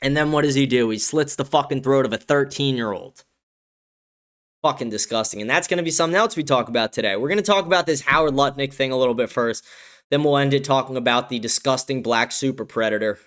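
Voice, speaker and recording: Speaking fast in a mid-range, fairly bright voice, this show host fills his live-streamed political commentary with angry, profanity-laced rants.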